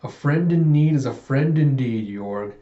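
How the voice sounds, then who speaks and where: A smug villainous colonel speaking low and sly, with a dark, quiet chuckle, as a male reader puts him on. The recording is roomy and slightly muffled. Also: lively intonation, a little slow, far from the mic, natural voice. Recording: roomy, dull lo-fi sound.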